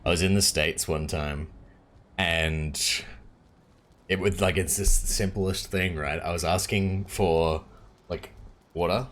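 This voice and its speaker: A man's voice: sits low, a little slow, a little hiss or hum. A man with an Australian accent, chatting casually and laughing often while he streams a game. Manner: chatty and relaxed, laughs often, many fillers. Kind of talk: casual live-stream chat while playing.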